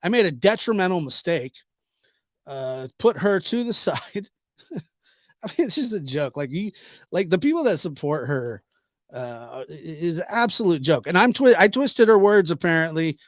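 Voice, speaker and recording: A man's voice: fairly high pitch, very animated, moderate pace, dry recording, clean studio sound. A man hosting a commentary vlog, talking in a sarcastic, exasperated way with mock apologies. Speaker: channel host, commentator.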